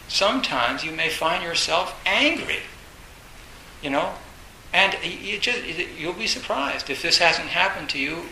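A man gives a dharma talk in an echoey room with a faint hiss behind him. His voice is bright and a little gravelly, set somewhat high. He rambles and repeats himself, filling gaps with "uh" and "you know". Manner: rambling, repeats phrases, many fillers; acts out inner voices, bursts loud. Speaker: Zen teacher.

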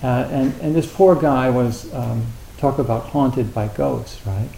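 With a medium-pitched voice touched by vocal fry, a middle-aged man delivers a dharma talk, mellow and in no hurry. He speaks in a relaxed, halting, conversational way, using lots of fillers and gentle, wry humor. The hall sounds roomy, and faint hiss runs underneath.

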